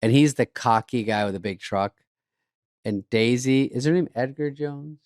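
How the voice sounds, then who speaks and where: A man's voice: mid-range voice, moderate pace, a little mellow, no room sound, clean studio sound. A man co-hosting a podcast, trading sarcastic, rambling comic riffs in casual chat. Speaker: podcast co-host.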